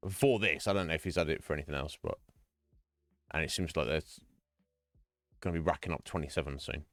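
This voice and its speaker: A man's voice: very deep voice, fairly quick, dry recording. A man chatting casually with his viewers while streaming a game, talking earnestly and rambling with many restarts. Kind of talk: casual chat. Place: home streaming room.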